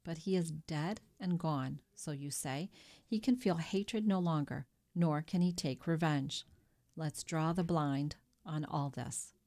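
A greedy, anxious innkeeper who wavers as he talks, put on by a woman reading a storybook. His voice sits low, and he grasps at every chance of gain. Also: slow, dark tone. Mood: wary. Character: greedy anxious male innkeeper, middle-aged.

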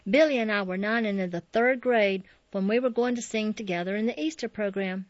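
Woman narrating a memoir softly. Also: mid-range voice, a little fast, dry recording. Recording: dull, dry lo-fi audio.

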